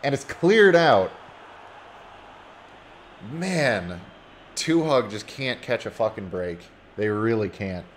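Man, play-by-play commentary, lowish voice, relaxed, faint background hiss. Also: takes it slowly, pauses often. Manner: casual, rising excitedly on goals. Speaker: match commentator.

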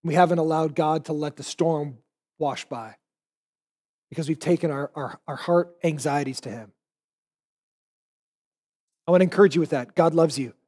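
A man's voice: fairly high pitch, fairly even intonation, normal speed, long pauses, a little mellow. A man in his forties, a pastor preaching a sermon, telling stories animatedly and acting out the voices he quotes.

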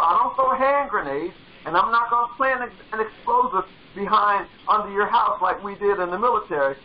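A man's voice: sits high, highs cut off. A male pastor preaching a sermon with fervor, driving points home by repeating phrases. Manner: fervent, repeats phrases for emphasis.

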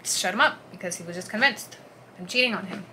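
A woman speaks at a middle pitch, recounting her own story earnestly and haltingly. Her voice sinks to a hush at some moments and turns forceful at others. Clear background noise runs under the home recording. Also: rough recording. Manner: earnest, halting, swings between hushed and forceful. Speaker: vlogger. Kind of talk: personal storytelling.

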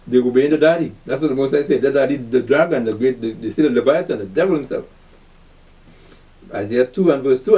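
A man with a warm, somewhat high voice preaches and teaches scripture, reading verses aloud and then commenting emphatically. He poses call-and-response questions to listeners and keeps repeating "you see that." The audio is rough and picked up from a distance.

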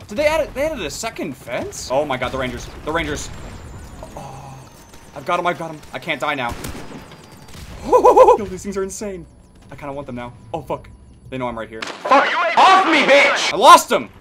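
A young man with a scratchy, hoarse throat giving loud, excitable gameplay commentary, swearing and bursting into shouts. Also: fairly high pitch. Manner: excitable, swears a lot, sudden shouting outbursts. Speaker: gaming video creator.

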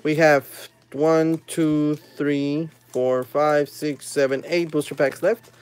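A man hosting a live stream, opening trading card packs with excited casual commentary, humming while he opens them and chatting with viewers. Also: on the high side, slow pace, clear, resonant tone. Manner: chats with viewers and reads their comments aloud.

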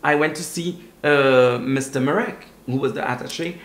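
A man in his forties from Saint Lucia, telling stories about his past in an interview in a lively, expressive way and often asking "you know what I mean?". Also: medium pitch, moderate pace. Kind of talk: casual storytelling in an interview. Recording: roomy echo.

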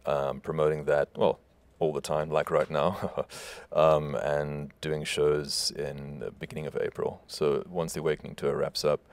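Very deep gravelly South African man. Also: level tone, measured pace, hardly any pauses. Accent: South African English. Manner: laid-back, self-deprecating, joking. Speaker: musician guest. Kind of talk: casual radio interview.

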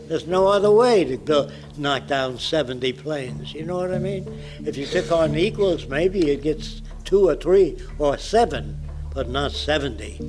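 A man's voice: fairly high pitch, normal speed, music in the background, poor audio. A man in his nineties giving a public lecture in a blunt, provocative way. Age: 90s.

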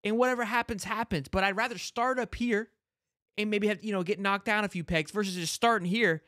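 A man's voice: high voice, fairly quick, bright, forceful tone, dry recording, studio quality. A man hosting a sports podcast in casual, fired-up fan talk, brash and swearing, piling on "like" and restarts.

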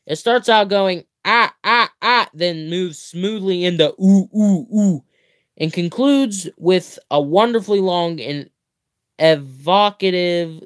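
A young man reads a comic book aloud on a livestream at an unhurried pace, playful and theatrical. He stretches words out, stumbles and corrects himself, and breaks off into chatty asides before going back to the page. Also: high-pitched. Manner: playful, theatrical reading with mock-grand exclamations. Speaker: livestream host.

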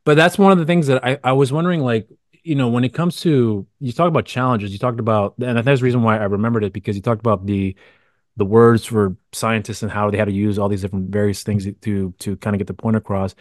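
A man hosts a casual interview podcast, piling up long, winding questions full of restarts and fillers. He talks quickly in a lowish voice. The sound is dry and close. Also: fairly even intonation, no room sound. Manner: rambling, many restarts and fillers. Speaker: podcast host.

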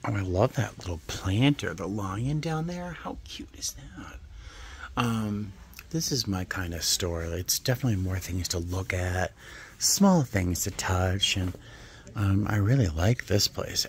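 A man vlogging while he browses antique and vintage shops, gushing and musing aloud, sometimes dropping to a soft near-whisper. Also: on the low side, measured pace, slight background noise. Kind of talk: casual vlog narration while shopping.

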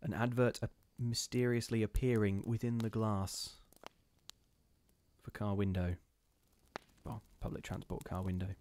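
A man's voice: fairly low pitch, fairly even intonation, unhurried, pauses often, darkish tone, a little hiss or hum. A man hosting a live ghost story reading, chatting casually with his viewers between passages in a self-deprecating way.

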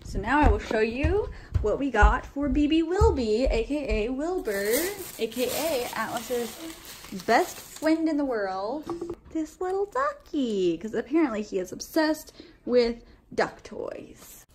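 A woman's voice: high-pitched, very animated, a little slow, darkish tone, slight background noise, low-quality recording. A woman vlogging casually at home, chatty and gushing. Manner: chatty, gushing, baby-talks to her dog. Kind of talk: casual vlog chat.

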